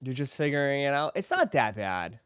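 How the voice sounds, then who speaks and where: A man's voice: medium pitch, big pitch swings, a little fast, a bit bright, clean tone, dry recording, clean studio sound. A man hosting a casual live stream, reacting to clips with frequent laughter and playful remarks. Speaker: livestream host.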